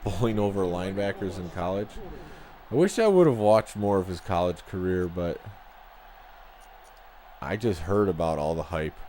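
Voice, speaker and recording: A man with a Chicago accent commentating casually as he plays a football video game, chatty and relaxed as he reacts to plays and viewers. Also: low-pitched, normal speed, long pauses. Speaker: gaming channel host.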